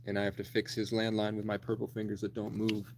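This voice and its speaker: Low, flat-voiced young man rambling. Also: quick pace, background noise. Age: 20s. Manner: profane, blunt, rambling. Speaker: livestreamer. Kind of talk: rambling storytelling monologue.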